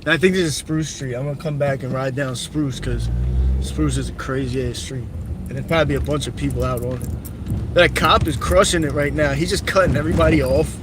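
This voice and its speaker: Speaking fairly quickly in a mid-range voice with fairly even intonation, a young man streams live as he drives city streets. He's blunt and profane, rambling through his opinions. Traffic and car noise fill the cabin recording.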